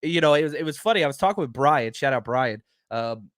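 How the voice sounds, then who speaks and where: A man's voice: a little high, expressive, fairly quick, fairly bright tone, no room sound, clean studio sound. Upbeat talky male podcast host. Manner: enthusiastic, rambling with many fillers. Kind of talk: live-stream podcast chat.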